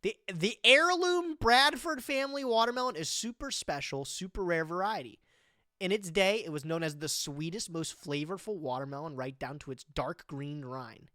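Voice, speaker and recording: Here's a mid-range voice, recorded at studio quality with no echo. A streamer in their twenties casually and energetically reads web text aloud during a live stream, reacting with comments and plenty of slang, often calling people "bro."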